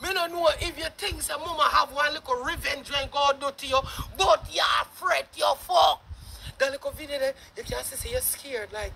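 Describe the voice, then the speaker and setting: A speaker with a Jamaican accent giving a loud, mocking commentary rant, laughing and shouting often. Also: high voice, normal speed, vocal fry, a little hiss or hum. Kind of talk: ranting commentary.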